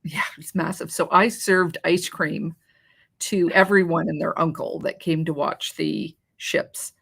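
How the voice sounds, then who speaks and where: A woman hosting a casual chat, talking in a relaxed, easygoing way. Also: low-pitched, unhurried, gravelly, breathy edge. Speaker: host.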